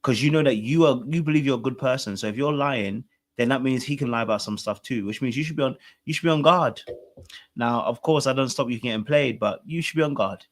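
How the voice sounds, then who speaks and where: A man's voice: medium pitch, brisk. Male co-host, blunt and emphatic reality-show recap, repeats his points. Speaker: podcast co-host.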